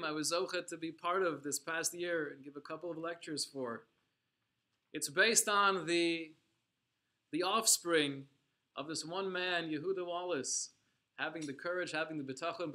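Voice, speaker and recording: A man's voice: on the high side, pushed and bright. A man teaching a religious class, telling a story dramatically and with emphasis, using Hebrew and Yiddish terms. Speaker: Torah teacher.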